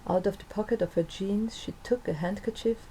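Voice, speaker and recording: A woman reading her own story aloud in the first person, in a calm, soft-spoken way. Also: mid-range voice, a little fast, a little hiss or hum, poor audio. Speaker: narrator and author.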